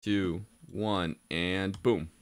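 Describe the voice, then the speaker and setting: A man's voice: low voice, steady tone, very slow. A man casually commenting on a game he is streaming, joking and swearing freely. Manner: joking, profane, laughs often.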